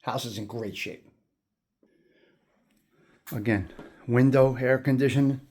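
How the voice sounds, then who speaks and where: Touring an old house room by room, a male host talks to viewers admiringly and repeats his words. He has a medium-pitched, slightly mellow voice and a slow pace, with a little hiss or hum in the audio.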